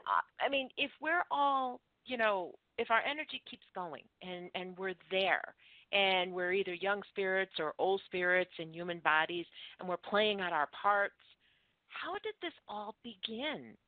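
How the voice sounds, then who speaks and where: A woman hosting an interview show, asking a halting question full of restarts. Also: medium pitch, animated, no echo. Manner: halting, searching for words. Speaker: show host. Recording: tinny phone line, dry.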